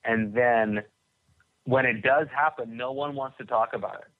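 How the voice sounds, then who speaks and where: A medium-pitched man speaking at a moderate pace gives conversational testimony as a guest on a podcast. His telling is rambling, with frequent restarts and repeated words, and the recording has a tinny, phone-like quality.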